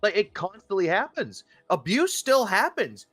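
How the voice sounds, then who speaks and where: A man with a high, swooping voice sounds fed up as he picks apart what someone said. His audio is dry and close, with faint music underneath. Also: huge pitch swings, unhurried, a bit bright, slightly rough, dry recording. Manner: exasperated, critical. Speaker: voice chat participant. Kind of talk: casual discussion.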